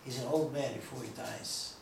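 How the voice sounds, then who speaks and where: With a steady, medium-pitched voice, some vocal fry, and a normal pace, a rabbi delivers an informal lecture built on stories. He chats and digresses before a small audience, dropping in jokes. Heard from far away, the room echoes and there's faint noise.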